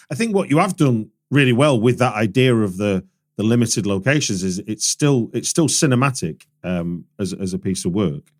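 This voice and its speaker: A man hosting a podcast, asking questions in a chatty, joking way. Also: mid-range voice. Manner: chatty, jokey interviewer asking follow-up questions. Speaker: podcast host. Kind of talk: casual podcast interview.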